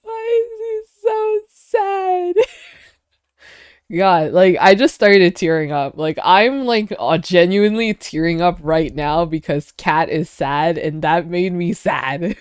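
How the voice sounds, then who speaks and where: A woman streamer chatting casually while reacting to clips, excitable and quick to laugh and gush. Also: fairly low pitch, clean tone, dry recording, clean studio sound.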